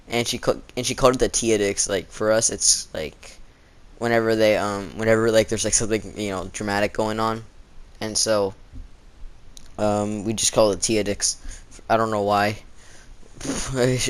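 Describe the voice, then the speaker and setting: A teenage boy tells a story about school in a loose, meandering way, stopping often with fillers and restarts. His voice sits a little low for a man. It sounds like a casual storytime vlog. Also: clear, resonant tone. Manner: rambling, lots of fillers and restarts. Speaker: storytime vlogger.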